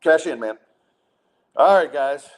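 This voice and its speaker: This podcast host is a middle-aged man whose fairly high voice is expressive and unhurried. He chats casually but slips into sarcastic rants, restarting often, and comes across as exasperated.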